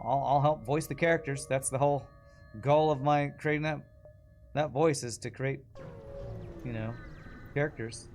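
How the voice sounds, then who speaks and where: A man chatting casually as he streams a game, rambling and laughing often. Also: mid-range voice. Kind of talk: casual gameplay commentary.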